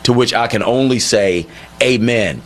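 A man's voice: mid-range voice, unhurried. A man hosting a call-in radio talk show, speaking emphatically and firing off rhetorical questions.

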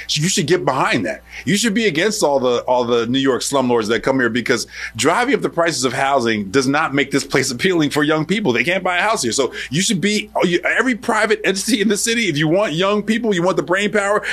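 A man's voice: on the high side, fairly bright tone. A man hosting an interview, making his case in emphatic lists. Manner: emphatic, building arguments in lists. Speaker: interview host. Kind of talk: radio interview.

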